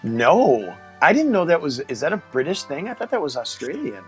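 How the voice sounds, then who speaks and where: A man's voice: on the high side, very animated, normal speed, faint music behind, rough recording. A man hosting a casual interview, enthusiastic and a little rambling. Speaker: host. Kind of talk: casual video-call interview.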